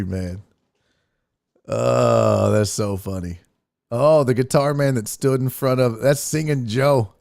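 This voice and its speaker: A man from the Houston area, hosting a casual live-stream chat and telling stories loudly with frequent laughter. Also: mid-range voice. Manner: loud, laughing, animated storyteller. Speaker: host.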